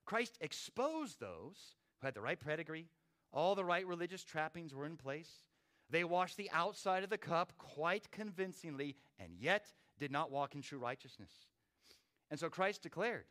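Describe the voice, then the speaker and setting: A man's voice: high voice, big pitch swings, moderate pace, fairly bright tone. A man preaching a sermon with dramatic rises and drops in volume. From not from Australia. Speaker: pastor.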